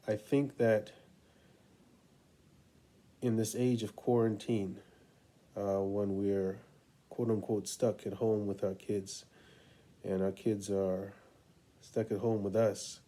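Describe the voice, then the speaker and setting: A middle-aged man, a parent coach, telling a story in a relaxed, unhurried way with many pauses. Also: lowish voice. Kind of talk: casual storytelling talk to camera.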